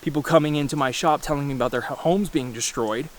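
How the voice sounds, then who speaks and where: A man in his mid-thirties delivers a loose, rambling monologue to his viewers. He is blunt and swears freely, often restarting his sentences as he talks. His voice sits slightly high for a man. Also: fast, slight background noise. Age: 30s. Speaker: vlogger. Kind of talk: casual ranting monologue.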